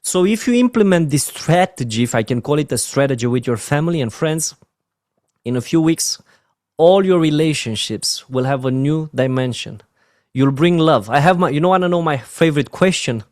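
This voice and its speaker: A man with a Romanian accent giving an earnest, emotional motivational training talk on network marketing, often dropping his voice to a soft "my friends". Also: a little high, expressive, normal speed, no room sound, studio quality.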